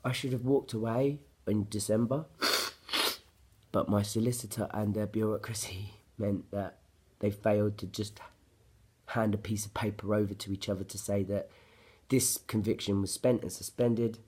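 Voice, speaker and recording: A man's voice: fairly low pitch, steady tone, moderate pace, mellow, breathy edge. A man, telling a personal story to camera in an agitated, profane, blunt ranting way. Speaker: vlogger.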